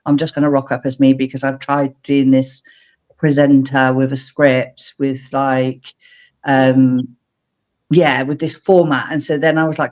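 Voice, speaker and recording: A middle-aged woman from England, a guest on a video-call interview, telling animated stories and acting out her own past lines. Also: a bass voice, a little slow, dull audio. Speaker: guest, speaker mentor. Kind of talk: casual interview chat.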